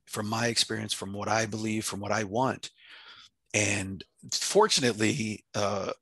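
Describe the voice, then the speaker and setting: A man's voice: on the low side, fairly even intonation, unhurried, a bit bright, slightly rough, dry recording. A man who leads a company, answering interview questions in a passionate, emphatic way. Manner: intense, emphatic, acts out his own quoted speech. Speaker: company president and CEO, guest.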